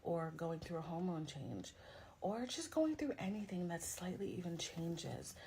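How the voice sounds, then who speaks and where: A woman's voice: lowish voice, big pitch swings, measured pace, warm tone, slight background noise. A woman in a played video clip, lecturing and scolding her viewers. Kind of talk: opinion video monologue.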